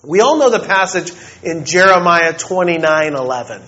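High-voiced fervent male preacher. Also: animated. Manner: swings between soft, slow, intimate passages and rising, fervent ones. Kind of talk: sermon. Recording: dull lo-fi recording.

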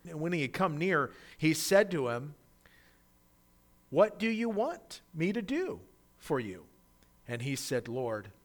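A man delivering a sermon who reads the passage aloud and then explains it. His voice sits a little on the high side for a man. He swings between loud, dramatic cries in the quoted voices and soft, close asides. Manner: acts out quoted voices loudly. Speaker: preacher.

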